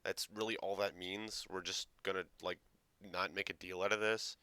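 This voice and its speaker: Sarcastic man with a bright crisp voice. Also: low-pitched, little pitch movement, normal speed, no echo. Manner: sarcastic, swearing, mocking quotes. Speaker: reaction video host. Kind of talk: casual reaction commentary.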